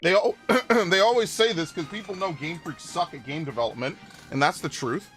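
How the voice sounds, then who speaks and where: A man's voice: a little high, moderate pace, a bit bright, faint music behind. A man live-streaming a video game, ranting angrily with lots of swearing and stumbling restarts. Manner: angry profane ranting with repeated restarts. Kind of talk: live gameplay stream commentary.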